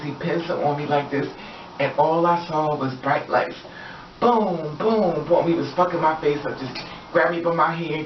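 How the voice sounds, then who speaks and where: A man in an emotional personal storytime, rambling and circling back to repeat himself. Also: a little high. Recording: echoey, distant, muffled mic with faint hiss.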